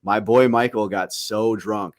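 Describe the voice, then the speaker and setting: On a podcast, a young male co-host with a fairly low voice tells a profane story at an unhurried pace, casually chatting and animatedly acting out what others said. The studio-quality sound has no room tone.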